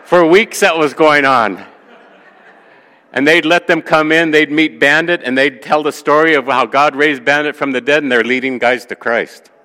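Bright-voiced preacher in a reverberant hall. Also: male voice, a little high, moderate pace, few pauses. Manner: animated storyteller who acts out quoted voices. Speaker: pastor. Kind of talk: sermon storytelling.

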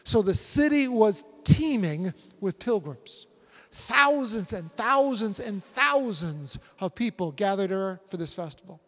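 A man in his forties preaching a sermon, animated and acting out scripture scenes. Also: high-pitched, unhurried, big-room sound. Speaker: pastor.

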